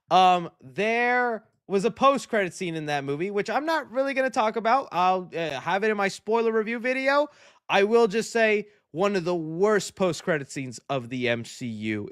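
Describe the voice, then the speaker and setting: A man hosting a casual movie news livestream, chatty and animated, often breaking into laughter. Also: high-pitched.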